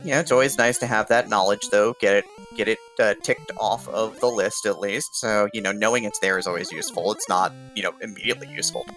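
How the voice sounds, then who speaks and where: A man's voice: fairly low pitch, fairly quick, hardly any pauses, fairly bright tone, soft background music. A man commentating a video game tournament, upbeat and explaining the rules of the game to viewers. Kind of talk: esports play-by-play commentary.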